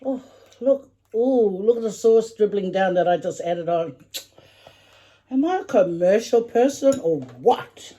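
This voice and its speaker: Mellow-voiced mum chatting over food. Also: female voice, medium pitch, lively intonation, a little slow. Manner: chatty, talks while chewing, hums over food. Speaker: vlogger eating with her daughter. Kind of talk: casual mukbang chat.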